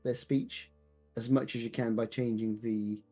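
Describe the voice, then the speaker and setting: Man, husky, mellow, rambling casual podcast chat, faint music behind. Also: medium pitch, level tone, a little slow. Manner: thoughtful, rambling with many restarts and "uh"s. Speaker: podcast co-host and D&D player.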